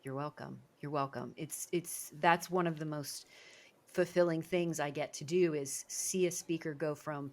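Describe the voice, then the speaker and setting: A woman's voice: sits low, steady tone, moderate pace, slight background noise. A woman hosting a podcast interview as a speaking coach, talking in an effusive, praising way. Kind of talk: interview conversation.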